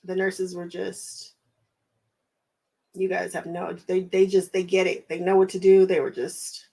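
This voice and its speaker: A woman's voice: fairly low pitch, little pitch movement, unhurried, gravelly, dark tone. Chatty American woman hosting a craft stream. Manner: chatty, laughs often, thinks aloud with fillers. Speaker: quilting livestream host. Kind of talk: casual livestream chat with viewers.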